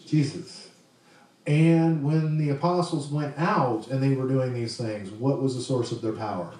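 A man's voice: medium pitch, fairly even intonation, measured pace, a little mellow, heavy reverb, recorded from a distance, rough recording. A man preaching a sermon in a conversational way, asking the congregation questions as he goes. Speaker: pastor.

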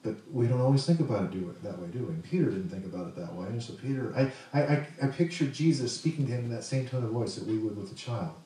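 A man's voice: mid-range voice, quick pace, hardly any pauses, warm tone, very echoey, far from the mic, rough recording. A man preaching a sermon in a conversational way, asking the congregation questions as he goes. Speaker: pastor.

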